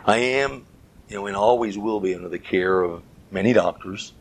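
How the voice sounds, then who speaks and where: A middle-aged male preacher delivers a Bible teaching talk in an earnest, measured way. His voice is slightly husky and sits a little low. He breaks his thoughts into short phrases and presses on the words that matter. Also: rough recording.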